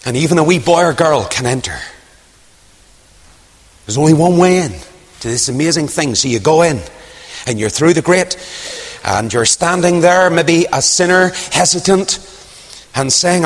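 Male preacher with a highish voice, dramatic sermon delivery, recorded in a big echoing hall. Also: lively intonation, moderate pace. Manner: dramatic, swings from loud rising questions to hushed near-whispers. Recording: long hall reverb.

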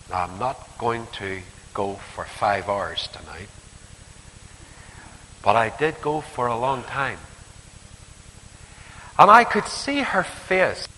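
A man preaching a sermon, telling a story in an animated way and acting out the conversations. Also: medium pitch, slight background noise. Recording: hall reverb with faint ambience.

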